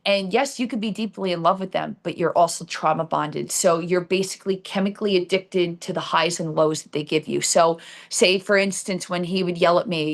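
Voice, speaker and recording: A woman's voice: fairly low pitch, moderate pace, gravelly. A middle-aged woman with a New Jersey accent, candidly telling a personal story on her own live stream show, with many fillers and restarts. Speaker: show host.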